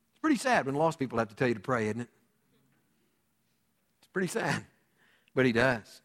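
A man preaching a sermon as pastor, dramatic, swinging between loud declarations and hushed asides. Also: medium pitch, sing-song, normal speed, long pauses, big-room sound.

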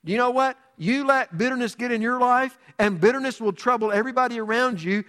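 A man preaching a sermon as pastor, dramatic, swinging between loud declarations and hushed asides. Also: high-pitched, big-room sound.

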